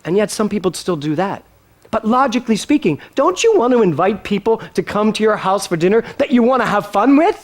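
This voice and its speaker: A male minister preaches an animated, emphatic sermon in a high-pitched, brisk voice, speaking earnestly and with emotion as his congregation calls back to him.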